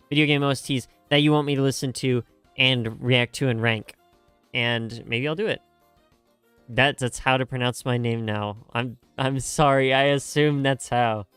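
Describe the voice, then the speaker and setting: A young man talking loosely to his stream chat, full of fillers, restarts and self-mocking jokes. His voice is smooth and clear, recorded close and dry. Faint music plays behind him. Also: medium pitch, a bit bright, dry recording. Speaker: streamer reacting to game music. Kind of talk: casual live-stream chat.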